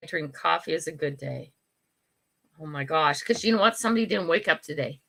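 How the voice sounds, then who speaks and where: An older woman hosts a casual live chat, answering comments as they come in. Her voice sits a little low but sounds bright and forceful, and she talks frankly, laughs easily, and keeps saying sorry. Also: lively intonation, a little fast, vocal fry. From United States. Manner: chatty, frank, laughs often, apologizes and restarts. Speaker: livestream host.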